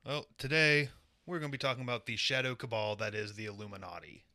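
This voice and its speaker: A man co-hosting a casual podcast presents a conspiracy segment, explaining the topic in a dry way with crude asides. His medium-pitched voice is steady and sharp, he talks fast, and the recording is dry.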